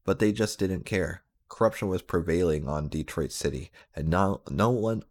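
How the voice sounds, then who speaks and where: A man's voice: deep voice, moderate pace. A man doing a sarcastic, mocking reading of a badly written story. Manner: sarcastic, breaking into laughter. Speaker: reader. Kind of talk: mocking dramatic reading of bad fan fiction.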